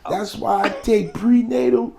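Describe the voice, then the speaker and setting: A guest comedian telling a profane, animated story on a podcast, laughing as he goes. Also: high voice, measured pace, creaky.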